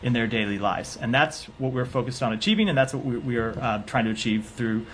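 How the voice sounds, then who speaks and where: A man answering questions at a press briefing as a government spokesperson, in measured, formal, carefully hedged wording. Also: mid-range voice, a little hiss or hum.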